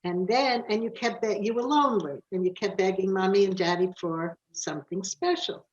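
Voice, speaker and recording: Older american lady asking questions, gentle, muffled video call sound. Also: mid-range voice, normal speed. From USA. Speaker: interviewer. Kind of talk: conversational questioning. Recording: dull video call audio.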